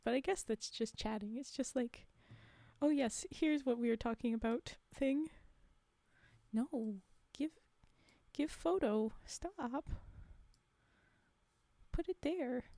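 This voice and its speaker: Young woman streamer, high voice but mellow, giggly rambly chat, dry close mic. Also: no echo. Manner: giggly, rambling, frequently laughing. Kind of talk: casual live-stream chat.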